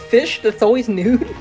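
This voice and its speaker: A woman's voice: a little high, darkish tone. A woman co-commentating a game stream, chatting casually and giggling. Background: game music.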